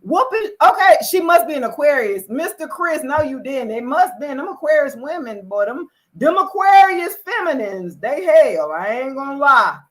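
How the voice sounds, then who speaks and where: A high-pitched woman runs a casual live tarot stream. She talks to her viewers directly and jumps from loud, excited outbursts to quiet, low remarks. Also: normal speed, hardly any pauses. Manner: animated, greets viewers, swings between loud exclamations and low asides. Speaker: tarot reader hosting a livestream.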